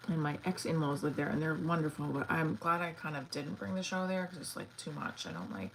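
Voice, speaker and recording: A woman with a low voice chatting on a casual livestream. She rambles from one thought to the next, restarting sentences and dropping in lots of fillers. It sounds loose and unscripted. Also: fairly quick, creaky, fairly bright tone, slight background noise, poor audio. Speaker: actor and comedian livestreaming.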